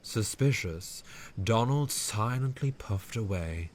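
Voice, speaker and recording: A man narrating a storybook tale in a scripted, measured way. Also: fairly low pitch, lively intonation, a little hiss or hum.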